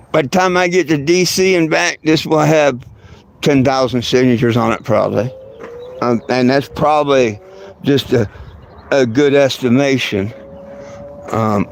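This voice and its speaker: A man's voice: medium pitch, a little hiss or hum. A man hosting his own livestream, chatting loosely with many fillers and restarts and chuckling often. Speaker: livestream host. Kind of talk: rambling casual livestream chat.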